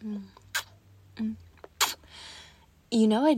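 Teasing woman in slow, soft role-play. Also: fairly high pitch, husky, dry recording. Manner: teasing and sultry, often softly whispered. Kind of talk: intimate audio role-play.

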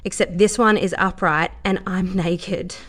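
A woman's voice: mid-range voice, lively intonation, moderate pace, close to an everyday voice. A woman voicing a cheerful, naive young dancer with a Southern accent, talking in a bubbly, gushing way.

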